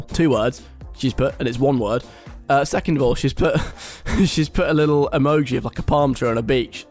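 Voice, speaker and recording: Reading a list on air and ribbing it wryly, a young British radio host keeps things casual and chatty. His voice is mid-range with a darkish tone.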